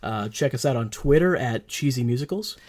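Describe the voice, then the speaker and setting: A man's voice: mid-range voice, expressive, a little fast, darkish tone. A man co-hosting a podcast in casual chat, making dry jokes and swearing casually. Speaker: podcast co-host.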